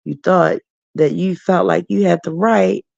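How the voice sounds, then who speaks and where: A woman's voice: fairly low pitch, fairly even intonation, measured pace, vocal fry, a little mellow, no echo, muffled recording. A woman hosting a late-night livestream chat, emotional and laughing as she answers her viewers by name. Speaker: livestream host.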